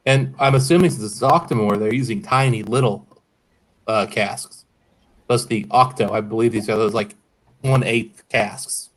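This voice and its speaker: A man's voice: on the low side, normal speed. A man hosting a casual whiskey-tasting livestream, rambling and hedging with frequent self-corrections. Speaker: host of a whiskey review stream.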